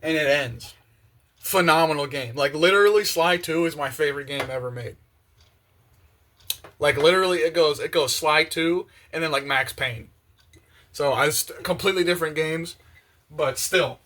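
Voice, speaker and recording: A man's voice: on the high side, moderate pace, pauses often. Slangy young man rambling over the dishes. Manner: excited, slangy, many fillers, acts out quotes. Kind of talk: casual rambling monologue. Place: home kitchen with open windows.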